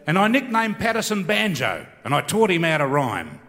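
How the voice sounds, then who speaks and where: Lively Australian man telling comic tales. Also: sits high, moderate pace. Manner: laconic, self-mocking, with hesitant restarts. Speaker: bush poet and comic performer. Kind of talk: comic storytelling and rhyming recitation. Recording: reverberant hall.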